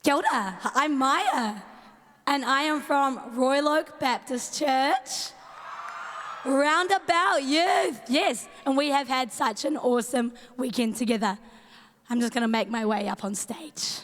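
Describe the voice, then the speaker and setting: Woman youth leader, New Zealand accent, strained voice, high and unhurried, big-hall reverb. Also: a little hiss or hum. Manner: playful, chatty, greets in Māori. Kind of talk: youth camp talk. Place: large events centre stage.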